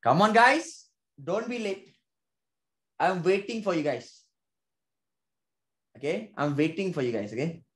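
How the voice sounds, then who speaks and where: A man with a Malaysian accent teaching a lively online primary school maths class, energetic and coaxing, mixing Malay and English. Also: fairly high pitch, a little slow, pauses often, reverberant.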